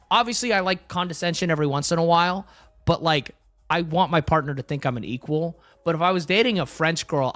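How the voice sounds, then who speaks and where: A man's voice: fairly high pitch, fairly bright tone. A young man streaming, chatting casually and rambling with lots of fillers, joking and answering his chat.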